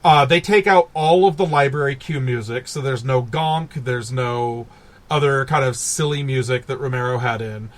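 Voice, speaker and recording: A man co-hosting a casual podcast, animated and laughing as he recaps films and acts out characters. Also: medium pitch, moderate pace. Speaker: podcast co-host. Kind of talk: casual chat.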